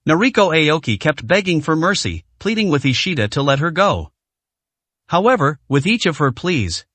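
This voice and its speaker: A man reads a dramatic story aloud in a scripted narration. His fairly high voice moves a lot in pitch as he tells it. The recording is close and dry. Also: sing-song, moderate pace, a bit bright, dry recording.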